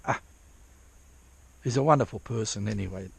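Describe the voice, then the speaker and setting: A man with a gravelly, husky voice talks outdoors at a dig site in light rain. He rambles in loose, profane asides, breaking off and restarting his sentences as he goes. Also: lowish voice, normal speed. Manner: rambling, profane, self-interrupting. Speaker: vlogger prospecting for gold. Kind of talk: casual rambling vlog.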